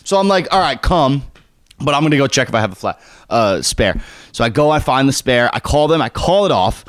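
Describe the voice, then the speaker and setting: Young man, podcast co-host, lively swings of pitch, swears freely while acting out the people he quotes, dry close sound. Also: fairly quick, no echo. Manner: animated, acts out quoted voices, swears freely. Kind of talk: casual storytelling chat.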